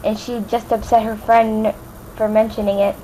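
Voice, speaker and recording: A young woman from Louisiana reads fan fiction aloud in a casual, unpolished way, her voice sitting a little high. She trips over words, repeats them until they come out right, and drops in offhand comments. A faint hiss runs underneath. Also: flat delivery, normal speed, mellow, low-quality recording. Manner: stumbling, rereading lines, chatty asides. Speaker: amateur reader.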